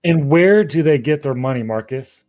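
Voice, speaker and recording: Man, activist guest, casual interview, passionate and profane, somewhat high voice. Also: lively intonation, normal speed, darkish tone. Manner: heated, profane, emphatic; passionate, gets emotional.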